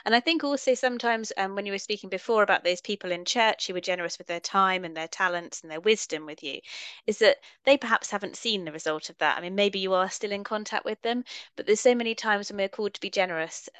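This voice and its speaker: A woman hosting a conversation about faith, responding to her guest with warm, affirming reflections. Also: mid-range voice, fast talker, clean tone, no echo. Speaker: host.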